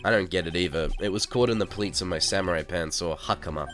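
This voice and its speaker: A man's voice: low-pitched, fast talker, a bit bright, faint music behind. A man voicing a laid-back, vain male TV star in a game reading, with a drawling surfer-dude way of talking. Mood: defensive.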